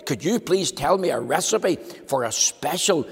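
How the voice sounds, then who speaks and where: Greedy pie-lover in a storybook, put on by a man; high, loud, eager. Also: lively intonation, normal speed, vocal fry, breathy edge, long reverb tail, full character voice.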